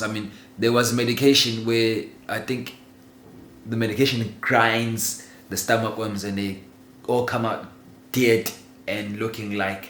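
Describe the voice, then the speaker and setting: A man telling a childhood story in a casual, animated way, laughing often and swearing freely. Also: mid-range voice. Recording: roomy echo with faint ambient noise.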